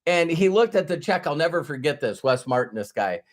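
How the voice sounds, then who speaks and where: A man, a business coach, telling a motivational story in a casual, animated way, often restarting and repeating words. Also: fairly high pitch, fairly quick.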